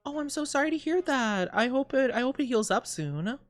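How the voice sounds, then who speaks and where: A woman's voice: high voice, expressive, a little fast, faint music behind. A woman in her twenties chatting casually on stream, rambling and giggling often, and playing around with silly voices. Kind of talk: casual chat.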